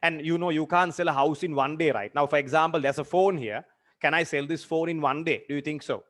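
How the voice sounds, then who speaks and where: A young man in his twenties, a teacher telling a personal story in a lesson, earnest and halting with many fillers and repeated phrases. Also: a little high, a bit bright. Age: 20s. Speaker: literature teacher.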